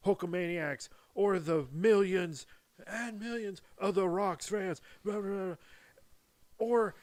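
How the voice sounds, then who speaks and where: Dude doing a swaggering wrestler, keeps asking are you ready, pushy. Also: male voice, high voice, takes it slowly, darkish tone, no echo, voice pushed up. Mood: grandstanding. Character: cocky male wrestler with a catchphrase swagger.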